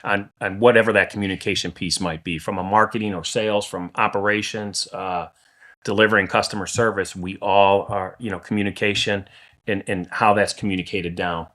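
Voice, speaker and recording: A man with a fairly low voice talks about running his lawn care company on a podcast. He is plain-spoken and steady, circling back on his words as he goes. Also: a little fast. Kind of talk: casual podcast conversation.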